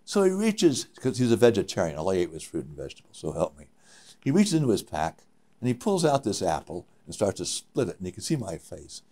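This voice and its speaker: Older male climber, deep-voiced, spins lively anecdotes with stop-start phrasing. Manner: animated storyteller with halting restarts. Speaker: interviewee, mountaineer. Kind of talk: reminiscing interview.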